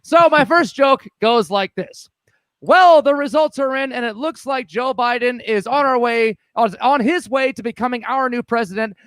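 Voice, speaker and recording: A man's voice: extremely high pitch, moderate pace, a bit bright, smooth, dry recording. A man hosting a podcast, telling topical jokes with chuckles and mock voices. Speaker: podcast host. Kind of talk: joking comedy segment.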